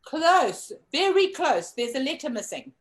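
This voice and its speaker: A woman's voice: sits high, very animated, unhurried, poor audio. A woman co-hosting a casual online lip-reading game, coaxing viewers to guess over a video call. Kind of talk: casual live-stream game chat.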